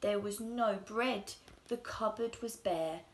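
A woman reading a children's story aloud in an expressive, sing-song way, dropping into soft whispers at times. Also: medium pitch, slow pace.

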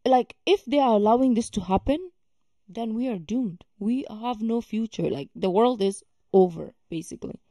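A woman's voice: fairly high pitch, lively intonation, normal speed, warm tone, dry recording, studio quality. A woman hosting a reaction video, talking casually and emphatically with many fillers and exasperated remarks.

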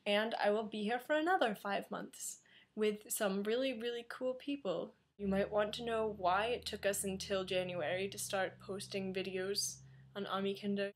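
Chatty American teenage girl vlogging. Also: medium pitch. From New York, USA. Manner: chatty, self-deprecating, rambling asides. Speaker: vlogger, exchange student. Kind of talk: casual talking-to-camera vlog. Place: home, indoors. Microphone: computer webcam.

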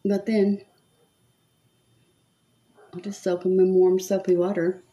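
Speaking slowly in a medium-pitched, level, dark voice, this makeup vlogger in her seventies does her makeup on camera. She chats casually with her viewers and mutters to herself while working.

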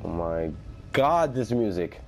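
A man's voice: lowish voice, very animated, slow, over music. A man commentating a horror game, swearing constantly and shrieking when scared. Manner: panicky, constant swearing, screams in fright. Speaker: gaming host.

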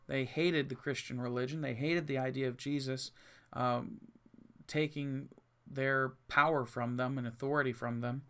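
A man's voice: mid-range voice, fairly even intonation, normal speed, bright, forceful tone, clear, resonant tone. A male pastor reading Bible verses aloud and explaining them in plain words, earnest and emphatic, often restarting his sentences. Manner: reads scripture aloud, then explains it plainly with frequent restarts.

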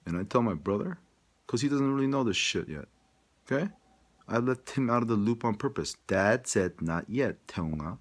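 A man's voice: on the low side, slightly rough. A man talking straight to his audience in a rambling, profane, emphatic monologue. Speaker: vlogger.

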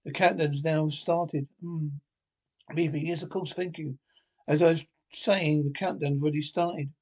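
Grandiose mad old scientist, Napoleon-obsessed, theatrical, 1960s TV drama, fairly high voice. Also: male voice, fairly even intonation, measured pace, a little mellow, husky. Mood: commanding. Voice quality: pompous, theatrical. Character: pompous older male mad scientist playing Napoleon.

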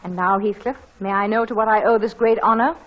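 A woman's voice: medium pitch, steady tone, brisk, lo-fi sound, lightly acted. An actress playing a headstrong, proud young woman torn between two suitors, in 1940s radio acting style. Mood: scornful. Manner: imperious, then desperate shouting. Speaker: lead actress.

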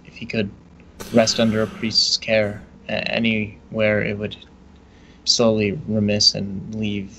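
A man playing a character in a tabletop game, speaking hesitantly with halting pauses. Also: on the low side, completely flat delivery, gravelly, fairly bright tone, slight background noise, rough recording. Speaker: player. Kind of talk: tabletop role-play, in character.

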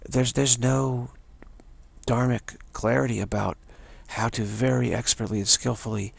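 A man giving a slow, repetitive dharma talk as a spiritual teacher, often restarting and chanting a soft "wow" refrain. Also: mid-range voice, fairly even intonation, no echo. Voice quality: gravelly and husky.

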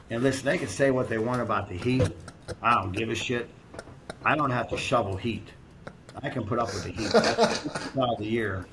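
A man's voice: on the low side, background noise. A middle-aged American man and strength coach telling blunt, profane, rambling stories in a casual interview.

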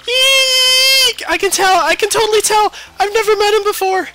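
A man voicing a gushing, lovestruck young girl in a squealing falsetto for a video game. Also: fairly even intonation, moderate pace, over loud music. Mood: excited squealing.

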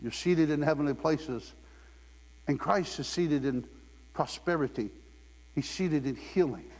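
A man's voice: on the high side, unhurried, darkish tone. A man from Ohio preaching a sermon in a conversational, humorous way, often laughing. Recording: long hall reverb.

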